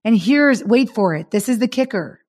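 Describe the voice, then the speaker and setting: A woman's voice: on the high side, expressive, moderate pace, a little mellow. A woman author, a guest on a podcast, speaking with passion and emphasis about her ideas. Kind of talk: interview conversation.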